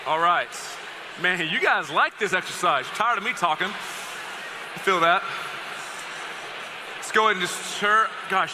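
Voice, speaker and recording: A man's voice: high-pitched, background noise. A man preaching a sermon as pastor, talking in a conversational, joking and direct way to his congregation. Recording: long reverb of a large hall.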